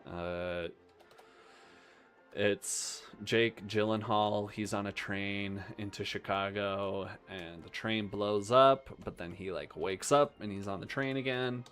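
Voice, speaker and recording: Slow, rambling young man. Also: lowish voice, fairly even intonation, fairly bright tone, soft background music. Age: young adult. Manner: rambling, full of ums and trailing thoughts. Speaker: live-stream host. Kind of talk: casual live-stream movie commentary.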